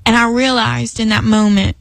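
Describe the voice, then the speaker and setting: Earnest woman with a high, dry voice. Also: flat delivery, normal speed, vocal fry, no echo, low-quality recording. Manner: earnest, emphatic, rambling with restarts. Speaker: Christian speaker. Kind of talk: personal devotional talk.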